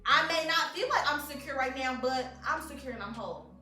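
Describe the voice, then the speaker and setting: A woman co-hosting a podcast in casual chat, animated and repeating phrases for emphasis. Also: high voice, a little fast, roomy sound, distant mic, soft background music. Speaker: podcast co-host.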